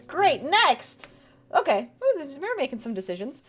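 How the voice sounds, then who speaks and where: Speaking unhurriedly in a high, very animated voice with a fairly bright tone, this young streamer plays a game live as a VTuber. She giggles, cracks jokes, and reads her viewers' chat and tarot cards aloud.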